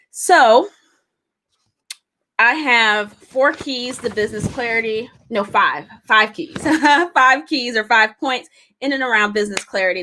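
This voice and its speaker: A middle-aged woman leads a live business lesson in a bright, fairly high voice. She talks to her viewers in an encouraging, chatty way, laughs lightly between points, and drives ideas home with repetition and rhetorical questions. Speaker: business coach.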